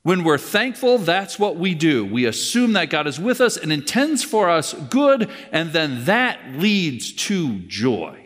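Pastor guy preaching, chatty with little jokes, voice a bit high, echoey church. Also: sing-song, a little slow, few pauses, a bit bright. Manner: conversational preaching, repeats key lines, wry asides. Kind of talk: sermon. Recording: long reverb from the hall.

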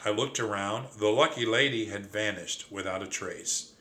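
A man reading a children's adventure story aloud in first person, with lively, dramatic telling. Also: lowish voice, normal speed. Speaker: audiobook narrator. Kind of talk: storybook narration.

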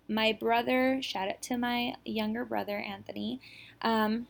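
A young woman in her twenties hosts a casual podcast, rambling through a personal story with lots of fillers and little laughs. Her voice sits a touch high and carries a gravelly fry at the ends of phrases. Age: 20s. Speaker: podcast host. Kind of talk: casual chat.

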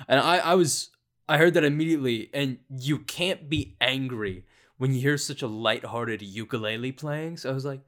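A man's voice: medium pitch, measured pace, fairly bright tone, faint music behind. A man talking alone into his podcast mic, wandering from one tangent to the next. He mocks himself and everyone else with a sarcastic, offhand tone. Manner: sarcastic, self-deprecating, rambling storyteller. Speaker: podcast host. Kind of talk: casual solo podcast rambling.

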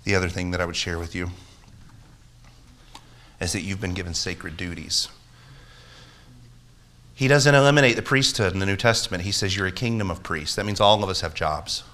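This man's low voice is expressive and sharp in tone, moving at normal speed with frequent pauses. Preaching as pastor, he is earnest and emphatic, repeats phrases, and closes with a prayer that builds in intensity.

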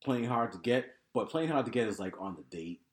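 A man co-hosting a podcast in casual chat, relaxed as he reads items off his list. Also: mid-range voice, fairly quick. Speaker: podcast co-host. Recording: echoey room.

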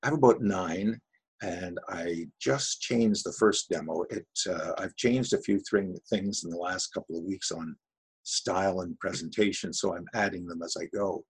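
A man with a very low voice that has a gravelly, husky edge. He talks in a relaxed, anecdotal way as an interview guest, with a dry, wry humor. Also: normal speed, poor audio. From Canada, Ottawa area. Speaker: voice actor guest. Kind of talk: casual interview talk.

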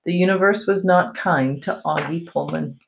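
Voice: medium pitch, normal speed, creaky, a little hiss or hum, lightly acted. A reader voicing a friendly teenage girl in a book read aloud, casual and a little proud.

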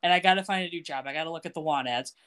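A woman's voice: deep voice, very fast, fairly bright tone, pitched below the performer's own voice. A woman voicing a sad young man who has lost his job, while recapping a TV episode. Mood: downcast. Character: sad, laid-off young man, curt when pushed.

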